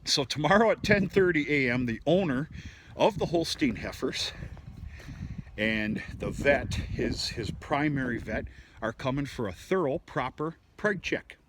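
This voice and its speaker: A man's voice: mid-range voice, expressive, a little slow. A man running a cattle farm, talking through his chores in a casual, rambling, folksy way with the odd curse. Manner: folksy, rambling, with frequent restarts and mild cursing. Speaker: cattle farmer. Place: outdoors in a farm feedlot. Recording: noisy outdoor recording.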